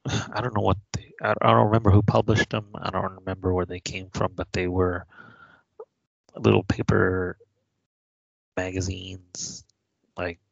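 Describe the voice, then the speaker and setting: Deep gravelly husky man. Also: little pitch movement, no room sound, muffled recording. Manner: dry, unhurried, understated. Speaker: podcast co-host. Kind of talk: casual chat.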